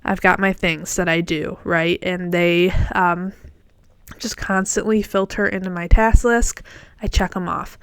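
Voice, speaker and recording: A woman talks through her solo podcast in a casual, encouraging way, as if chatting with a friend and letting slips roll. Her voice is smooth and clear, with a bit of morning voice. It is recorded close on the mic in a dry space. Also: fairly low pitch, steady tone, unhurried, dry recording. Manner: chatty and encouraging, with fillers and self-corrections. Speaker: podcast host.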